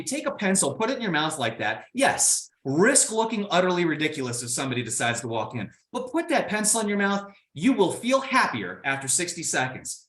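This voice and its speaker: A man's voice: on the high side, reverberant. A man from Indiana giving a motivational keynote talk, playful and speaking straight to his audience. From Indiana, United States. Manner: animated, playful, addresses the audience directly.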